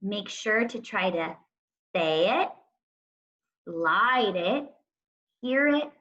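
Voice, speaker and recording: A woman teacher talks young children through a writing lesson at an unhurried pace. She speaks deliberately and draws out the sounds of words one at a time. The recording is dull and lo-fi. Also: mid-range voice, lively intonation, a bit bright. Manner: slow, deliberate, stretching out word sounds.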